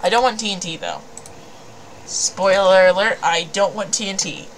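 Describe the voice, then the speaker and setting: A woman gamer chats casually over her gameplay in a medium-pitched voice at a moderate pace. She is giggly and rambling, often laughing at herself, and the audio is poor with a slight hiss or hum.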